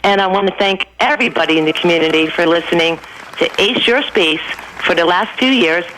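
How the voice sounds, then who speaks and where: A woman's voice: on the low side, a little fast, fairly bright tone, a little hiss or hum, rough recording. Joke-telling woman radio host. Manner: jokey, laughs often, chatty. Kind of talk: casual radio chat.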